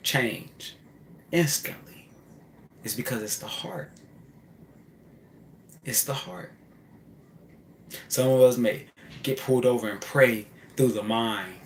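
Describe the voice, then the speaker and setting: A man of middle pitch preaches a spiritual monologue in an echoey room, with faint ambience behind him. He hammers phrases over and over and swings from loud bursts to hushed asides. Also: slight background noise. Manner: repetitive and emphatic, shifts between loud outbursts and hushed asides. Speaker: spiritual speaker.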